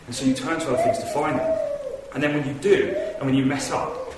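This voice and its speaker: Animated man preaching in an echoey hall. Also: on the high side, fairly quick, hardly any pauses. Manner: earnest, conversational, animated storytelling. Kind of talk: sermon. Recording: echoey hall from far off with noise.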